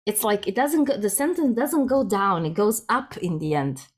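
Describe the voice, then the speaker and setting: A woman's voice: mid-range voice, lively intonation, moderate pace, breathy edge. A woman who organizes improv jams, chatting as a podcast guest over a video call in a rambling, self-deprecating way with many restarts. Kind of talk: conversational interview.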